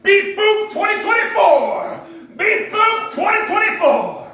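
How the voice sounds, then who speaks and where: A man voicing a logical robot that rules kindly, speaking in clipped announcements that open with a high beep boop. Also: very animated, slow pace, pushed and bright, full character voice. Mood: deadpan. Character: logical, helpful robot ruler, beeping. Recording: echoey room, mic at a distance.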